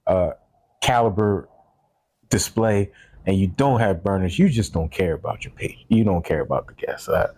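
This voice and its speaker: A man hosting a podcast in casual chat, chiming in with quick questions. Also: low-pitched, dark tone, slight background noise. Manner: chimes in with quick questions and laughs. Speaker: podcast host.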